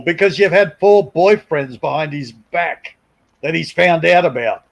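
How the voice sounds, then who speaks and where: A man's voice: medium pitch, a little fast, poor audio. A middle-aged man, chatting on a live stream in a blunt, crude, mocking way. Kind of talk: casual chat.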